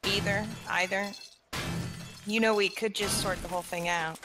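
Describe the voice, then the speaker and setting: A player in a co-op survival game, chatting casually and shouting urgent call-outs during fights. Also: medium pitch, steady tone, brisk, over music. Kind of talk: casual gameplay chat. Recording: noisy voice-chat audio.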